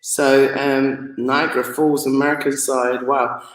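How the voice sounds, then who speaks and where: A woman hosting a live stream, reading out viewer comments and greetings in a chatty, excitable way, often laughing and stumbling over names. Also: very deep voice, unhurried. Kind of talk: casual live stream chat. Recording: roomy echo.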